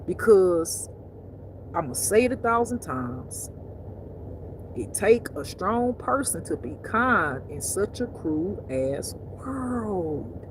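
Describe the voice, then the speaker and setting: A woman's voice: mid-range voice, sing-song, takes it slowly, background noise. A woman giving blunt, profane, emphatic spiritual life advice in a casual talk.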